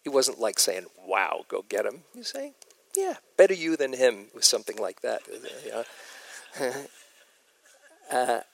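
A man giving a dharma talk as a meditation teacher at a retreat, telling stories in a gentle, reflective way. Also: mid-range voice, very animated, a little slow, vocal fry, pauses often.

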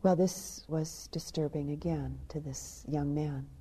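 A woman meditation teacher giving a dharma talk. She tells a teaching story softly and drops into hushed, half-whispered passages. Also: low voice, steady tone, measured pace, a little hiss or hum.

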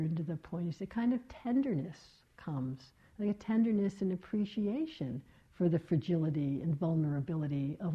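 Woman meditation teacher, reflective dharma talk, lowish voice, slightly dull recording. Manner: gentle, reflective, with many soft fillers.

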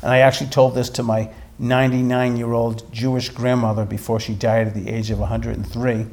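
A man, a meditation teacher, telling a story in a dharma talk with animated delivery and frequent restarts. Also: medium pitch, fairly quick.

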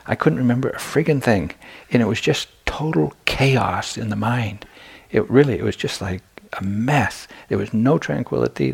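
A man gives an evening dharma talk at a retreat and tells his own story in a frank, self-deprecating way. His voice sits low and has a gravelly, slightly husky texture. He talks casually and often restarts his sentences. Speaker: meditation teacher. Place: retreat center meditation hall.

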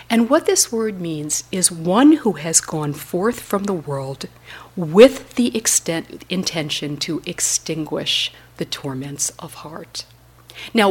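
A middle-aged woman giving a dharma talk in a gentle, reflective manner. Her voice is breathy and sits a bit low. She often sinks to a near-whisper, yet her pitch moves with lively swings. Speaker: meditation teacher.

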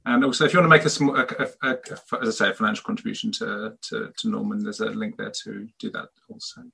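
A man hosting an online book talk, giving halting closing thanks and notes over a video call. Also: lowish voice, fairly even intonation, vocal fry, bright, forceful tone, slightly rough. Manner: halting, many fillers and restarts.

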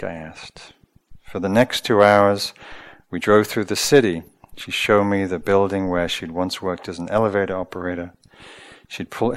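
A man with a low, deep voice gives a dharma talk as a meditation teacher. He speaks slowly and gently, with reflective pauses and small hesitations.

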